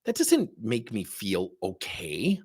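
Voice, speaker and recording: A man's voice: lowish voice, takes it slowly, breathy edge. A middle-aged man giving a motivational talk on leadership, telling anecdotes with plenty of rhetorical questions. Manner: animated storytelling, rhetorical questions. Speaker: leadership speaker.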